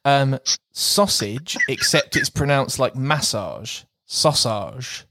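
A man chats on a podcast in a slow, unhurried way, often breaking into laughter as he toys with words. His voice sits at a middle pitch and is recorded close and dry. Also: animated, a bit bright, no room sound. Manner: playful, laughs often, reads out word jokes slowly. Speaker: podcast co-host. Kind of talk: casual chat.

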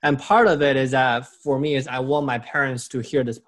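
A man chats casually as a podcast co-host. His speech is at an ordinary middle pitch. He rambles, restarts often and bends his English grammar. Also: fairly even intonation, moderate pace. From China. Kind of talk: casual chat.

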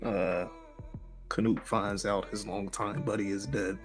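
A man's voice: on the low side, steady tone, measured pace, faint music behind. A man casually recapping an anime episode with a co-host, in laid-back slang, laughing often. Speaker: podcast co-host.

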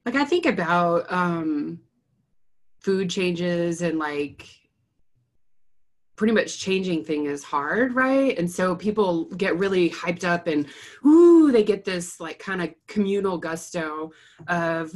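A woman's voice: fairly low pitch, expressive, slow. A young adult woman, a therapist, chatting casually and rambling through a story, laughing often. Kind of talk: casual chat.

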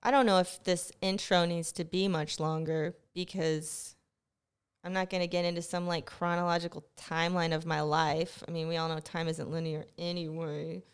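A woman's voice: lowish voice, smooth. A young woman hosting a podcast, telling a rambling, profane story in a casual monologue, her close mic catching her breathing. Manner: profane, animated storytelling, rushes then slows. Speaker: podcast host. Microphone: close mic picking up breathing.

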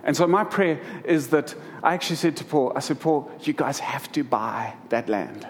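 A man's voice: on the high side, expressive, moderate pace, a little hiss or hum. A middle-aged man preaching to a congregation, telling humorous stories about family life. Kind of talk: sermon.

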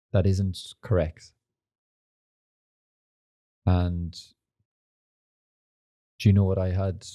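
A young podcast host with a low, warm voice rambles through stories in casual chat. His talk is full of fillers and swearing.

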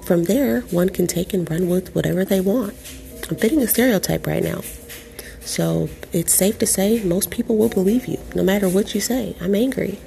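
A young adult woman hosting a podcast, reading out an article and commenting on it in an animated, profane, sarcastic way. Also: medium pitch, normal speed, vocal fry, a little hiss or hum. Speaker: podcast host.

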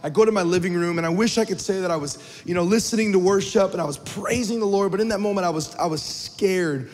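A man in his thirties preaches to his congregation in a fairly high voice. He tells a personal story earnestly and often repeats words as he goes. The recording carries a long, ringing reverb. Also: fast, darkish tone. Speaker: pastor. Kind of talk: sermon.

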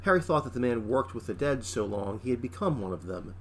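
A man narrates a story in a steady, mid-pitched voice, keeping the storytelling plain and even. Clear hiss runs under the noisy amateur recording. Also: fairly quick.

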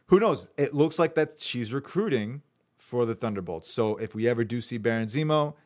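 A man's voice: medium pitch, animated, normal speed, darkish tone. A man hosting a casual podcast, running through his notes in a chatty way with fillers. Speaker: podcast host.

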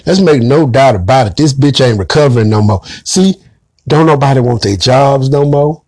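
A man's voice: medium pitch, normal speed, darkish tone, no room sound. A man giving an emphatic, preachy commentary monologue straight to his audience. He calls his listeners family and swears bluntly. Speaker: online commentator.

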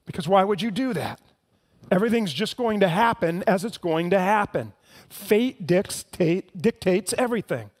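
High-voiced man preaching a sermon. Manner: earnest preaching, swings from hushed to impassioned. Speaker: pastor.

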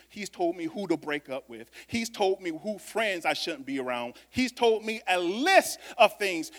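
A man delivers a sermon in a relaxed, conversational way, his voice sitting high. He swings between loud emphatic lines and quiet, almost whispered asides. The long reverb of a church hall trails after every phrase. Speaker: preacher. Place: church sanctuary.

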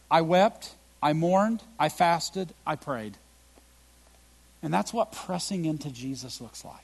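Animated, gravelly-voiced male pastor preaching. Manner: animated preaching, swinging from loud emphatic bursts to quiet, low reflective lines. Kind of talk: sermon.

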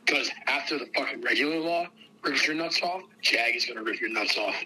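Bright-voiced young man ranting profanely. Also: mid-range voice, a little fast, slight background noise, rough recording. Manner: profane, agitated, swings between loud and hushed. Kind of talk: heated casual rant.

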